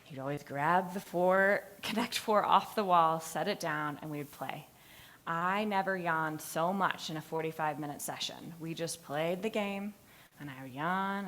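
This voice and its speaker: A woman's voice: sits low, moderate pace, a little hiss or hum. A woman giving a class presentation, telling stories with energy, acting out moments and laughing at herself. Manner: animated storytelling, acting out moments; laughs at her own stories. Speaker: student presenter. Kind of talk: lively capstone presentation.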